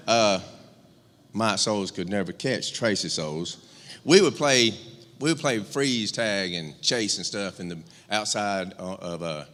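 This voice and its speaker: A man speaks with a voice on the low side and a fairly bright tone. He's a middle-aged rural Georgian giving a memorial-service eulogy for his older brother in a church sanctuary, telling candid, joking stories packed with fillers and restarts amid long hall reverb.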